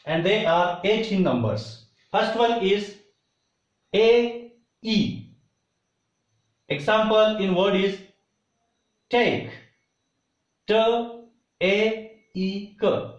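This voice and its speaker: A man with an Indian English accent teaching English vowel sounds, deliberately repeating each example word. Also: high-pitched. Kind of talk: slow explanatory lesson. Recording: roomy, dull lo-fi sound.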